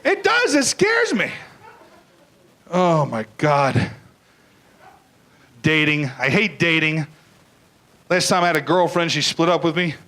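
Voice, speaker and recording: A man's voice: a little high, very animated, takes it slowly, long pauses, bright, forceful tone, low-quality recording. An older man doing a crude, blunt stand-up comedy routine, acting out bits in put-on voices.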